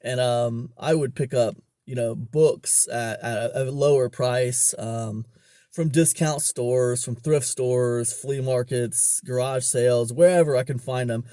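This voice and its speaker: A man's voice: medium pitch, fairly even intonation, unhurried, warm tone, dry recording. Casting note: everyday man telling a store story to camera, loose and chatty, with a mid voice in a dead, dry room. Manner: rambling, many fillers and restarts. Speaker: online business vlogger. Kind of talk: casual storytelling monologue.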